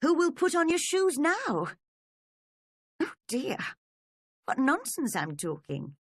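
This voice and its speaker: A woman's voice: high voice, huge pitch swings, slow, no echo, clean studio sound, voice pushed up, full character voice. A woman reading a storybook, voicing a curious young girl who is easily upset, in a wondering, fretful way.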